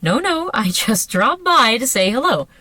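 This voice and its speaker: A woman rehearsing the part of a nervous married woman who talks in a rushed, breathless way, in the front seat of a car. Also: a little high, big pitch swings, bright, forceful tone, no echo, heavily acted. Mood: flustered. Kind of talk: solo line rehearsal.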